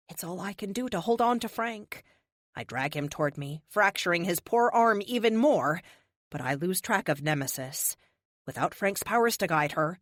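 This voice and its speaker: Expressive woman narrating an audiobook. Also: lowish voice, dry recording, studio quality. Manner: dramatic, expressive storytelling. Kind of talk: first-person scripted narration.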